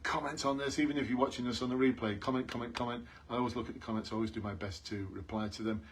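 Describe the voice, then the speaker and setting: Talking very fast in a steady, mid-range voice over a faint hiss or hum, a man coaches police job hopefuls on a live stream. He stays earnest, repeats key points, and calls out to his viewers.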